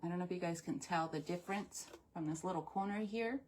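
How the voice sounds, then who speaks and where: Speaking fast in a lowish voice over heavy background noise, this craft livestream host chats casually with her viewers and greets them by name. She sounds slightly stuffy-nosed as she runs the live demonstration.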